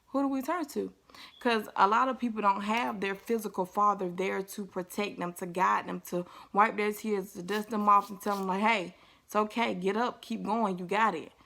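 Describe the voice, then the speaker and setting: Chatty young woman with a gravelly edge. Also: medium pitch, fairly bright tone. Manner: chatty, upbeat, playful asides with laughs. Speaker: faith vlogger. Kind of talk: casual devotional talk.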